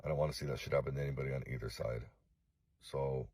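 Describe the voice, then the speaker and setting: A middle-aged man from Los Angeles making a direct-to-camera apology video, halting and remorseful, swearing often. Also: rumbling low, fairly even intonation, darkish tone, slightly rough, no room sound. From Los Angeles, USA. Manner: halting, remorseful, heavy swearing, frequent fillers. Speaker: vlogger.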